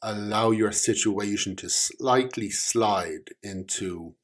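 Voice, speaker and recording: A man, an author, talking casually about his writing, hesitant and halting with many ums, his voice trailing off softly. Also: on the low side. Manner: soft-spoken, trailing off quietly.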